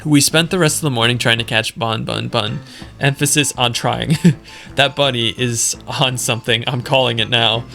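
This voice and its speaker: A man's voice: medium pitch, steady tone, normal speed, vocal fry, bright, forceful tone, faint music behind. A young man narrating a game let's play, laughing often and mocking his own reading. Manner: giggly, self-mocking. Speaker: gaming video creator.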